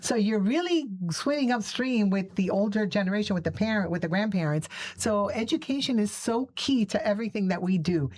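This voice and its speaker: A woman's voice: mid-range voice, expressive, a little fast, few pauses, a little mellow. A woman guest from a community group speaking earnestly and with emphasis about her work. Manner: earnest, emphatic, acts out dialogues. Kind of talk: interview talk.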